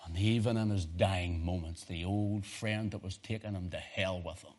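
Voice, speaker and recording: Hushed-to-booming preacher man. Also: steady tone, moderate pace, hardly any pauses. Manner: shifts from hushed storytelling to loud preaching. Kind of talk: street sermon with personal story.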